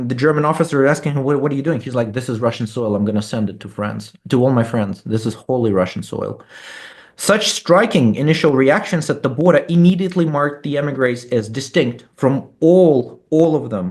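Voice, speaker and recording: A man giving an academic talk about his book, reading quotations aloud between spoken asides and often pausing on fillers. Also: medium pitch. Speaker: author and lecturer.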